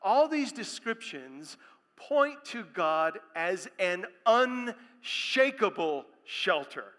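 A male pastor preaches with a high, bright, ringing voice, taking his words slowly and deliberately. He builds to loud, emphatic proclamations, and his voice carries a long reverb through a large hall. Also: sing-song. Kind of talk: sermon.

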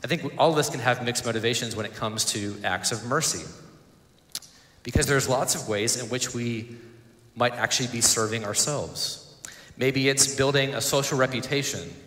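A man's voice: medium pitch, fairly bright tone. Earnest male pastor in an echoey hall. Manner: earnest, pausing, repeating words. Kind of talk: sermon.

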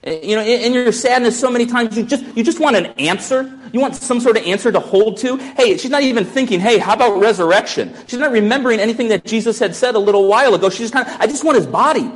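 A man's voice: extremely high pitch, fast, hardly any pauses. A pastor preaching a sermon in a musing, conversational way, often restarting his sentences.

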